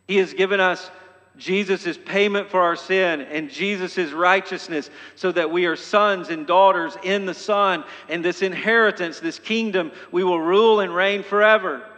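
A pastor preaching a sermon. He is emphatic and often repeats phrases, stumbling and restarting, and builds to loud exhortation. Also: a little high. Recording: long hall reverb.

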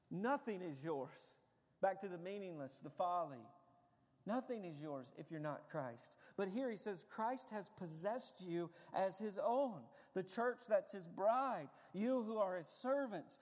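A man with a high-pitched voice delivers a sermon from the pulpit. He moves between quiet, confiding passages and fervent, raised declarations. The sound carries the long reverb of a church sanctuary. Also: animated, takes it slowly. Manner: dynamic preaching, swinging from hushed to loud. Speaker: pastor.

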